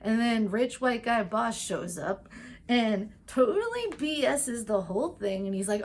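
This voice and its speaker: Chatty high-voiced woman recapping a show. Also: animated. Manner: chatty and gushing, full of "like" and "um"; acts out characters' lines in quick asides. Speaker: TV recap and tarot vlogger. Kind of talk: casual TV episode recap.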